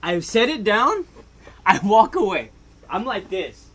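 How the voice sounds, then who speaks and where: A man telling a comedic storytime, animated and casual, swinging between loud outbursts and hushed asides and laughing often. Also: sits high, unhurried. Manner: casual slang and swearing. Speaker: vlogger.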